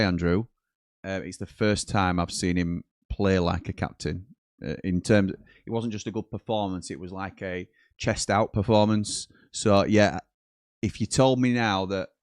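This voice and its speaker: A British man hosting a live football watchalong, reading viewer comments aloud and breaking into quick commentary on the match. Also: fairly low pitch, dry recording, studio quality. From Britain. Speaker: watchalong host.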